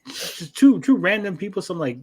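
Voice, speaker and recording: Animated man retelling an anime. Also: sits high, normal speed. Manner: animated, profane retelling with mock voices. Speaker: podcast co-host. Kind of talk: casual anime review chat.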